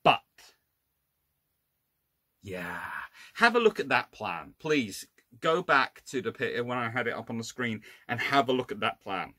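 A man's voice: mid-range voice, big pitch swings, a little slow, sharp tone, no echo. A man, a naval historian, giving an informal illustrated lecture with wry, exasperated asides and frequent self-corrections.

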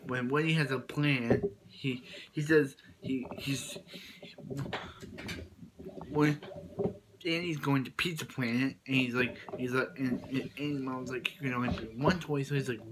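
A man casually retelling a movie plot as a reviewer, rambling with many restarts and quick quoted lines. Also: mid-range voice, a bit bright, a little hiss or hum, rough recording.

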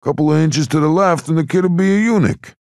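A man's voice: on the high side, a little fast, a little mellow, no echo, studio quality, pitched above the performer's own voice, natural voice. A man voicing a sardonic gangster henchman in an audiobook. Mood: wry. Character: wisecracking male gangster henchman.

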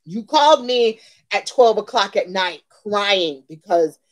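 This beauty channel host, a woman in her forties, has a medium-pitched, expressive voice and talks a little slowly over poor audio. Her storytime vlog is a venting session, told heatedly with emphatic repetition of lines.

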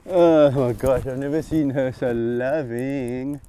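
Speaking slowly with a steady, mellow, clean medium-pitched voice, a middle-aged sanctuary keeper addresses animals in the bush. He coaxes and teases them fondly, laughing, in casual talk captured on a handheld camera.

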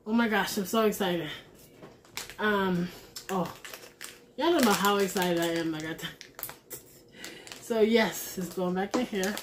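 A woman chatting casually to her viewers while opening craft mail, gushing and excited, and a mother. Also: medium pitch, unhurried, long pauses, noisy background. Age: adult with a son. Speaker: crafting vlogger. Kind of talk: casual unboxing chat.

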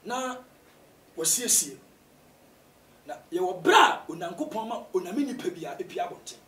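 A man with a Ghanaian accent, a pastor answering interview questions in a preaching style, often rising to shouts for emphasis. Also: high voice, moderate pace. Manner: animated, bursts into shouts to stress points. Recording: roomy echo, distant from mic.

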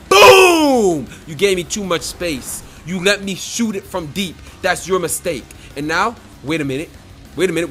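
A man giving excited, trash-talking commentary over his own football video game match, repeating his phrases. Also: high-pitched. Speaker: gaming YouTuber. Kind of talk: live gameplay commentary.

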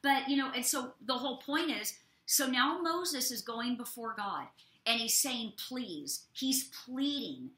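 A woman prophet co-hosting a ministry show, teaching from the Bible in an expressive way with folksy asides to her listeners. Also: high-pitched, unhurried. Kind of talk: animated preaching and Bible teaching. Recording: echoey room.

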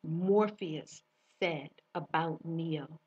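A woman's voice: sits low, drawn-out words, slightly rough. A woman speaking as a spiritual teacher in a personal monologue to camera, telling her story emphatically and repeating phrases for weight. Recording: dull distant recording.

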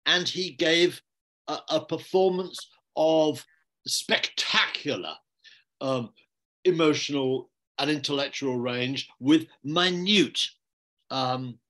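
An older man, a seasoned director, recalls stage anecdotes over a video call. His voice sits a little higher than most men's, and he talks in a measured way, often restarting his sentences. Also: a bit bright. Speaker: theatre and film director, guest. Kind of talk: reflective interview conversation. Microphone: online video call.

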